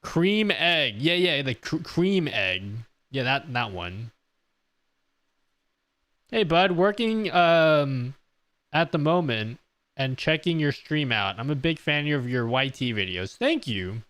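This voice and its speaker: Man, casual streamer answering chat questions; lively pitch, unhurried delivery, jokey. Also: no echo. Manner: joking, reads chat aloud, laughs often. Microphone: close desk mic on an audio mixer.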